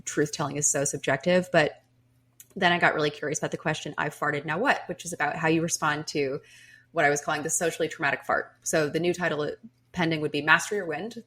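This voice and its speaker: A woman hosts a podcast in relaxed conversation, her voice sitting a little low. She tells candid personal stories and laughs often as she talks. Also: slightly rough. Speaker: podcast host. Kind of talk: casual chat.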